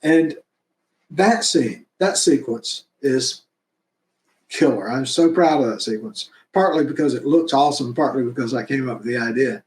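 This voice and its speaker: A man's voice: mid-range voice, normal speed, darkish tone. A man talking enthusiastically about producing his fan film episodes, rambling and laughing now and then. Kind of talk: casual interview chat. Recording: roomy echo.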